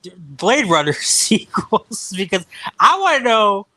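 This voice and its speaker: A man chatting casually about books and films, animated and jokey, swearing now and then. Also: sits high, a little slow, dry recording. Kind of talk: casual chat.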